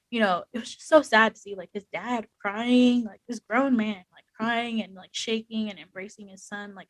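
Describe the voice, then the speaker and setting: A young woman speaks candidly as a podcast guest, her voice sitting at an ordinary middle pitch. She talks frankly and emotionally, with plenty of "like" fillers. The recording is dry and close. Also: no room sound, rough recording. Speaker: podcast guest, Army veteran. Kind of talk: candid conversational storytelling.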